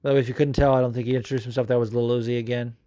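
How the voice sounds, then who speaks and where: A man's voice: mid-range voice, level tone, racing, warm tone, no echo. Young guy hosting a pod, swears constantly, dead dry mic, mumbles then gets hyped. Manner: rambling and profane, swings from mumbling to hyped. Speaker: podcast host answering listener messages. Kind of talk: casual chat.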